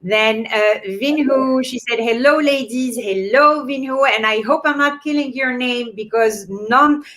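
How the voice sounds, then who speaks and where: A woman whose first language isn't English hosts a live-streamed online event, speaking unhurriedly in a fairly high voice. Warm and encouraging, she reads viewer comments aloud, using many fillers.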